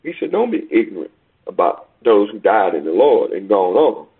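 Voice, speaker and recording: A man preaching a sermon over a call, emphatic, swinging between loud peaks and quiet asides. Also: lowish voice, big pitch swings, moderate pace, slightly rough. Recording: tinny phone line.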